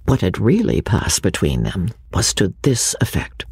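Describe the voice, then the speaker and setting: Woman audiobook narrator, classic novel, husky gravelly timbre, very lively pitch, measured delivery. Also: dry recording, studio quality. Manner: expressive, measured storytelling.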